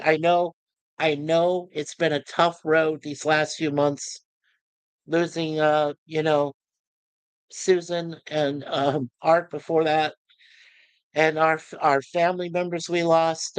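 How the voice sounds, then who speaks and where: A middle-aged man hosting his channel, talking to viewers in a halting, emotional way with many restarts and repeated words. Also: a little high, flat delivery, clear, resonant tone, no echo, rough recording. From United States. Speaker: YouTube channel host. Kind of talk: emotional personal talk to viewers.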